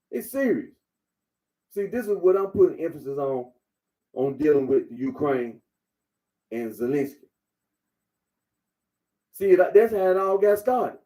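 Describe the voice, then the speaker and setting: A male commentator with a high, warm voice delivers a casual monologue. He lectures the listener directly, in a blunt and repetitive way.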